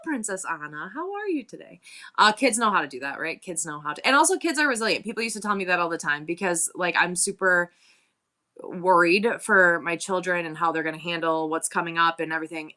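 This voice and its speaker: Bright-voiced chatty woman streamer. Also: lowish voice. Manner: chatty, candid, rambling with self-interruptions. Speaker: live-selling stream host. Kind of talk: casual chat to live viewers.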